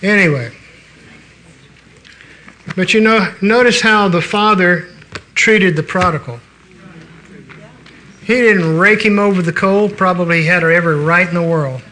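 Folksy older male preacher, bright high voice. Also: unhurried, pauses often, slight background noise. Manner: folksy, conversational preaching with restarts. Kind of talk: sermon.

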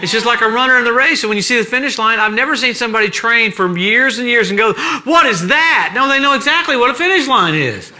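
Bright, high-voiced animated male preacher. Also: quick pace, hardly any pauses. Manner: animated, laughing storyteller. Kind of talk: sermon. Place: church.

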